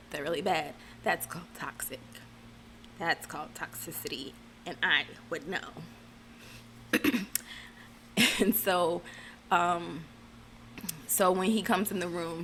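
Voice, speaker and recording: A woman talks through a reality show episode in a loose, chatty recap, tossing in dry, sarcastic remarks along the way. Her voice sits a little low for a woman. Faint background noise hums under her voice. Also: fairly even intonation, moderate pace, long pauses. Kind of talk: casual recap chat.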